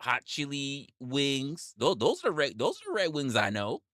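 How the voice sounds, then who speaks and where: A man's voice: mid-range voice, big pitch swings, measured pace, fairly bright tone, no room sound, clean studio sound. A man hosting a livestream, reading chat aloud and reacting with repeated exclamations, swearing and laughter.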